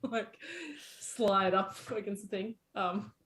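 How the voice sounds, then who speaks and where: A woman's voice: medium pitch, little pitch movement, takes it slowly, slight background noise. A woman playing a tabletop game, giggly and enthusiastic. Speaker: player.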